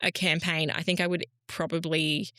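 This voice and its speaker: Woman podcast co-host, casual and rambling, bright tone, dry sound. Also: low-pitched, level tone, normal speed, no echo. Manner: rambling, self-correcting. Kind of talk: casual chat.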